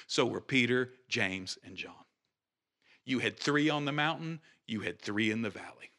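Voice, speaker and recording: A man preaching a sermon in an animated, conversational way, restarting phrases and rising in pitch and volume for emphasis. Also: moderate pace. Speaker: pastor.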